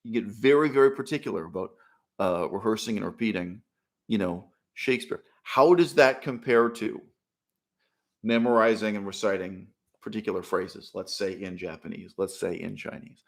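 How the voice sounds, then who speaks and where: A man hosting his own channel, delivering a solo commentary monologue in a lecturing, emphatic way, with rhetorical questions and sharp jumps between loud and soft phrases. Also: lowish voice, normal speed, creaky. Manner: rises and drops sharply in loudness between phrases. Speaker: channel host.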